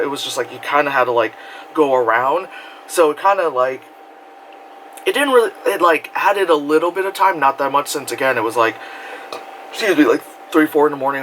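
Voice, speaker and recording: A young man telling a story in casual vlog style, rambling with lots of fillers and breaking into loud screams and laughter. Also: medium pitch, slight background noise, rough recording. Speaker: vlogger.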